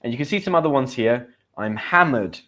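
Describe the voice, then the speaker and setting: A man's voice: mid-range voice, lively intonation, quick pace. British guy teaching english live, chatty, answers the chat as he goes. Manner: chatty, reads viewers' comments aloud. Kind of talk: live-streamed English lesson.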